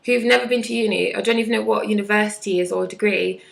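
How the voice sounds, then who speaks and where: A woman's voice: mid-range voice, steady tone, fast talker, gravelly, rough recording. A woman in her twenties chatting bluntly and sarcastically in a casual vlog, with mocking impressions. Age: 20s. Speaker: vlogger.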